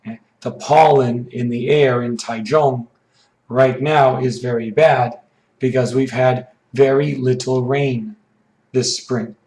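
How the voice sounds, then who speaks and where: A man teaching an English idiom lesson, his voice hoarse and froggy from allergies, explaining slowly with frequent "okay"s. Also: medium pitch, fairly even intonation, a little mellow, roomy sound, poor audio. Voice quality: froggy, rough throat.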